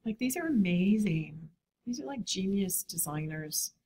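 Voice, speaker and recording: A woman's voice: medium pitch, animated, a little slow, dark tone, breathy edge. Chatty, enthusiastic woman teaching design. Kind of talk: classroom lecture.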